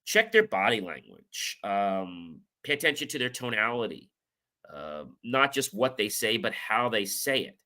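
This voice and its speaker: A man's voice: on the low side, very animated, a little slow, pushed and bright. A man hosting a motivational talk, telling personal stories casually and acting out the dialogue. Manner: casual storytelling, acts out quoted dialogue. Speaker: show host.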